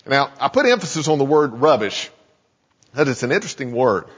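A pastor giving a sermon, earnest and emphatic, often restarting phrases and slowing down to stress key points. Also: male voice, medium pitch, sing-song, husky. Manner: earnest preaching with many restarts and slow emphasis. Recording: muffled sound with long hall reverb.

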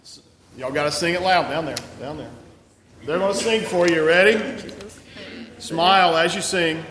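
A man's voice: a little high, moderate pace, a bit bright. A man who leads a church service, folksy and encouraging, often restarting his sentences. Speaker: pastor leading a church service. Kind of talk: church announcements and congregational song leading. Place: large church sanctuary. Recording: long hall reverb from a sanctuary.

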